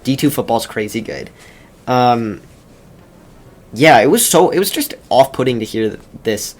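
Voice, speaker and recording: Young man, casual storytelling, gameplay commentary, rambling, wry, middle pitch. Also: expressive, measured pace. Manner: rambling and wry, many ums and self-corrections. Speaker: video creator.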